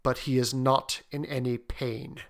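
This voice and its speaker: A man voicing a formal male visitor in a measured, restrained way. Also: medium pitch, little pitch movement, vocal fry. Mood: grave. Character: uneasy formal male visitor, middle-aged.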